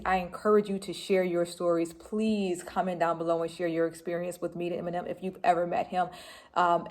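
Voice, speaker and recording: A woman in her forties from Detroit telling a personal story to camera in a casual, animated way, laughing and breaking into shrieks as she relives it. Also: on the low side. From Detroit, Michigan, US. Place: home room with laundry behind.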